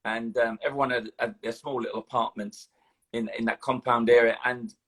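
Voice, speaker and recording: An older man with a London accent, a guest in a casual interview, telling his life story in a lively way with many fillers. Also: mid-range voice, fairly quick. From London, England. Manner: animated storytelling, hesitant fillers.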